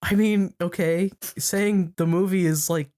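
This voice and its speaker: A man's voice: high voice, fairly even intonation, a little slow, darkish tone, clear, resonant tone. A man co-hosting a casual podcast, guessing star ratings with incredulous, jokey remarks and frequent laughter.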